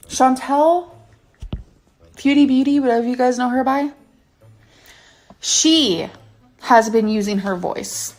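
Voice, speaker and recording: A woman's voice: high-pitched, slow, pauses often, a little mellow, faint music behind. A woman in her thirties ranting angrily to camera in a vlog, swearing and stressing her words. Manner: angry, profane, emphatic rant. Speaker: YouTuber.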